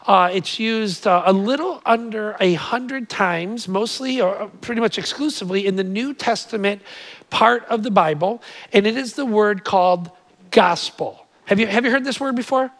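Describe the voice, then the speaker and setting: A man preaching a sermon to a live church crowd, lively and stammering through restarts, then quiet and earnest when he prays. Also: high voice, no room sound, poor audio. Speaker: pastor. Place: church auditorium with live audience.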